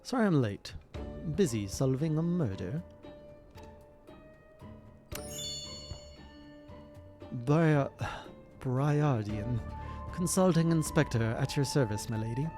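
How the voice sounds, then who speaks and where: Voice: medium pitch, very animated, a little slow, pauses often, voice pushed up. Streamer as a sneering rival detective, mock French lilt, dismissive, faint music. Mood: smug. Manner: smug, dismissive, attempted French accent. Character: arrogant rival male inspector, sneering.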